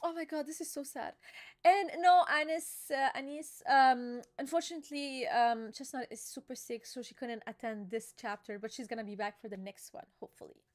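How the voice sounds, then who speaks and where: A young woman with a high, bright voice hosts a casual live reaction chat. She is excitable and emotional, drops slang and plenty of fillers, and rambles as her thoughts come. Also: normal speed, hardly any pauses. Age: young adult. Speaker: channel host reacting to a manga chapter.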